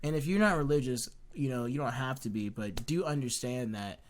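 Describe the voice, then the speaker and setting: A man's voice: medium pitch, fairly quick, a little hiss or hum. A young man co-hosting a casual faith podcast, telling his story earnestly and with animation, full of restarts. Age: young adult. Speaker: podcast co-host.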